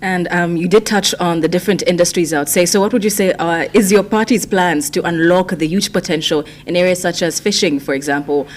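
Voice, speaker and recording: A woman hosting a breakfast radio show, asking questions in a measured way with hesitant fillers. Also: fairly low pitch, fairly even intonation. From Zambia. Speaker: radio host.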